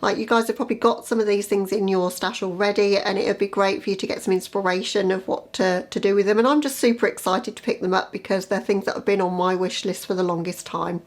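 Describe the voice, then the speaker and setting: Woman, makeup vlogger, casual and conversational, mid-pitched voice. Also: steady tone, fast, hardly any pauses. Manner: chatty and conversational, repeats "as I say"; quiet, half-murmured commentary while applying makeup. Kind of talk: casual makeup tutorial chat.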